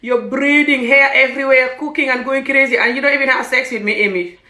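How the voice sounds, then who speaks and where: A woman with a Gambian accent imitating her angry, drunk older husband as he shouts and hurls insults at her. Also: sits high, fairly even intonation, unhurried, reverberant, voice pushed up. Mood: ranting. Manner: shouting, abusive, mocking.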